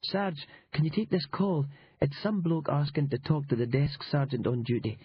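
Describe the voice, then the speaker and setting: A man voicing a brisk young policewoman in a raised, lighter voice. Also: fairly high pitch, lively intonation, slightly rough, highs cut off, pitched above the performer's own voice.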